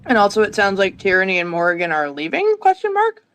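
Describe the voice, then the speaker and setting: A woman playing a tabletop game over an online call, eager and quick to laugh. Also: mid-range voice, huge pitch swings, fairly bright tone, no echo. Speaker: player. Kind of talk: casual play chat. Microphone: own mic on online call.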